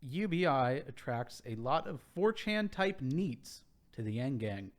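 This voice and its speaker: A man's voice: mid-range voice, very animated, a little slow. Sarcastic young man hosting a podcast. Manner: sarcastic, profane, reads candidate rundown. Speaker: podcast host. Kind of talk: casual chat.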